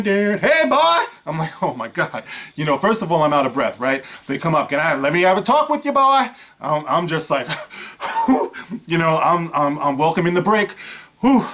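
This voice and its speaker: A man's voice: on the high side, a bit bright. A man seated and giving a casual commentary monologue, talking conversationally and acting out scenes along the way. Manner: conversational, acts out scenes, many fillers like "you know". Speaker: vlogger. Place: seated indoors.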